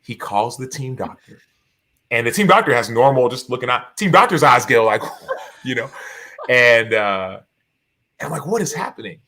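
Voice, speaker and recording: A man's voice: medium pitch, animated, moderate pace, pauses often, pushed and bright. A man in his thirties, a podcast guest and author, telling stories animatedly in a casual interview, acting out quotes with many restarts.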